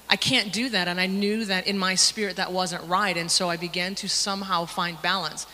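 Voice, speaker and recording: A young woman sharing a personal testimony in a Sunday school class, halting and emotional, with many fillers. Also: lowish voice, fairly even intonation, bright, forceful tone. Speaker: church member sharing a testimony. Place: church classroom. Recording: long hall reverb with faint noise.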